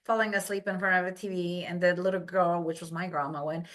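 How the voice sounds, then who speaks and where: A woman from Poland, a brain health coach, telling stories as a podcast guest and acting out quoted voices. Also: brisk. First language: Polish. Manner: animated storytelling, acts out quotes in high voices. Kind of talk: casual podcast interview.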